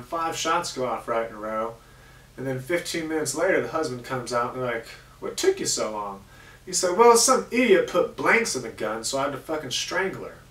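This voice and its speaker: A man's voice: mid-range voice, fairly bright tone, echoey room, distant mic. A man hosting a comedy show, telling crude jokes in a casual, swearing monologue. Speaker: host.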